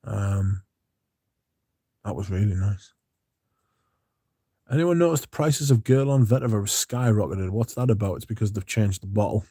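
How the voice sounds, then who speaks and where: A relaxed man talks on a livestream, rambling in a loose, chatty way. His voice is low and mellow, and the sound is dry and close. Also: moderate pace, long pauses, husky, no echo. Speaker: fragrance livestream host. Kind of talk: casual livestream chat, reading comments.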